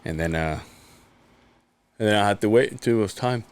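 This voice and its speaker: A man's voice: lowish voice, fairly quick, clean tone. A man co-hosting a podcast, telling loose, profane stories and mimicking the people in them. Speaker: podcast co-host. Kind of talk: casual chat.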